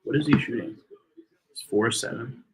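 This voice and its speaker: A man's voice: mid-range voice, normal speed, noisy background. A man co-hosting a live game watch party, chatting loosely and calling out score updates. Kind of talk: casual live game chat.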